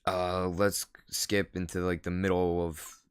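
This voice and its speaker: A man's voice: deep voice, flat delivery, a little slow, clean tone, no room sound, studio quality. A teenage boy vlogging, telling a rambling story full of fillers and laughing at himself. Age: teens. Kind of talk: casual storytelling.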